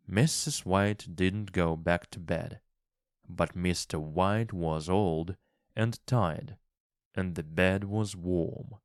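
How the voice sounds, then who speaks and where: A man narrating a story slowly and calmly for English learners. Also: deep voice, no room sound, clean studio sound. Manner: calm, clearly paced reading.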